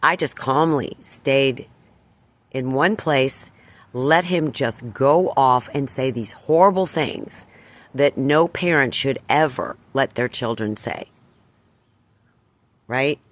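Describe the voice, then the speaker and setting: A woman's voice: a bass voice, slow, long pauses. An older woman vlogging, retelling a run-in with neighbors in an indignant, emphatic way. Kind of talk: personal storytelling to camera.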